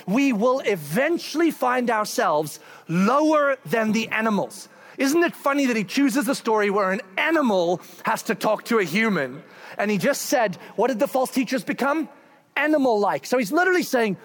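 A man preaching a sermon, telling a scripture story in a conversational, animated way and asking the listeners questions. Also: sits high, moderate pace. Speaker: pastor.

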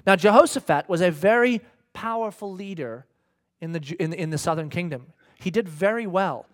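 A man's voice: sits high, normal speed. A man preaching a sermon in a conversational, humorous storytelling manner.

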